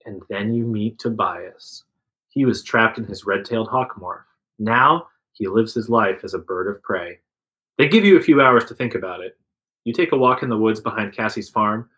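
A man's voice: on the low side, moderate pace, fairly bright tone, rough recording. A man reading a second-person adventure story aloud to friends, voicing the quotes with some liveliness. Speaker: narrator reading an interactive story.

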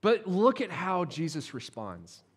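A man's voice: high voice, sing-song, unhurried, breathy edge. A man, a pastor, delivering a sermon in a conversational, playful way with frequent restarts.

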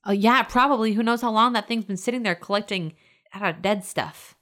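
A woman playing a tabletop role-playing game. She describes scenes in detail and reacts with lively exasperation. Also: mid-range voice, fairly quick. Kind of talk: casual tabletop role-play narration. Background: music.

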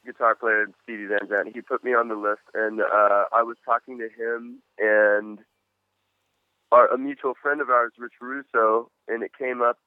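A laid-back man, a musician, chats casually as an interview guest. His voice comes through a tinny phone line with a dry, close sound. He sounds relaxed and friendly. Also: mid-range voice, normal speed, no room sound.

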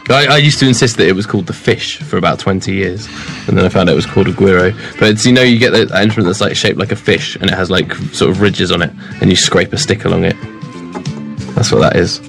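A man's voice: sits low, quick pace, vocal fry, fairly bright tone, faint music behind. A young man co-hosting a casual chat, running a word game with playful, rambling asides. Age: young adult. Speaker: co-host.

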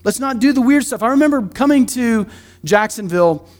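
Guy preaching in church, high voice, chatty, cracks jokes as he goes. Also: expressive. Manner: conversational, joking, with quick asides. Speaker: pastor. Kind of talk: sermon. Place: church sanctuary.

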